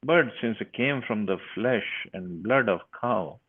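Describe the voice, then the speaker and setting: A man's voice: lowish voice, expressive, unhurried, slight background noise. A man giving a scripture class, reading verses and then explaining them with frequent restarts. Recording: tinny phone-like line.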